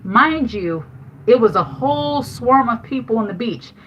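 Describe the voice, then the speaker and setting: A woman with a slightly high voice talks candidly into a phone or webcam, chatting through a personal story. She laughs often as she goes. The audio is dull and lo-fi, like a home livestream. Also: lively intonation, a little slow, a bit bright, slight background noise. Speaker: livestream host giving life advice. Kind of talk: casual livestream chat.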